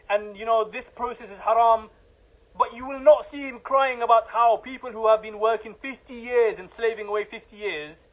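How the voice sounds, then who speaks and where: A man's voice: extremely high pitch, poor audio. A man giving an impassioned religious lecture, emphatic and repetitive, building to heated outbursts.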